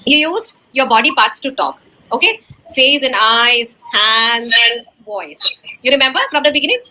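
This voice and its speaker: A woman's voice: a little high, unhurried, pushed and bright, low-quality recording. A woman giving a demo class to a young child. She is encouraging and keeps checking in with "okay?".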